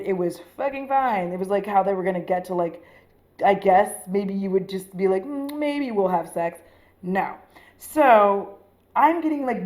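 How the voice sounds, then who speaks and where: A woman vlogger telling a story in a casual, chatty way while getting ready. She swears freely, says "like" a lot and acts out the voices of the people in her story. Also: medium pitch. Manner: frequent filler "like". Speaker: beauty vlogger. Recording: roomy echo.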